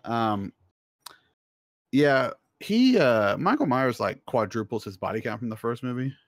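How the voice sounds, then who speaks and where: A man's voice: mid-range voice, animated, a little slow, no room sound. Man rambling eagerly on a podcast. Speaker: podcast co-host. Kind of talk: casual chat.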